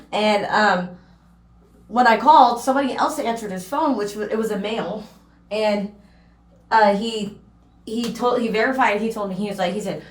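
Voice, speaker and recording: A woman's voice: medium pitch, normal speed, pauses often. A young woman telling a personal story in a casual vlog, rambling with lots of fillers and restarts. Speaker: vlogger. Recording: echoey room.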